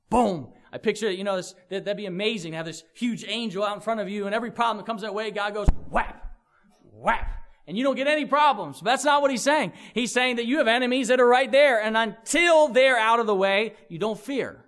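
High-voiced man preaching earnestly. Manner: earnest, expressive preaching with vivid sound words. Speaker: pastor. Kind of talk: sermon.

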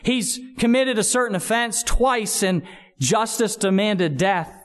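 Brief: man doing a firm, matter-of-fact emperor, high voice. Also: measured pace, in a large hall, soft background music. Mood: stern. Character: stern emperor refusing a pardon.

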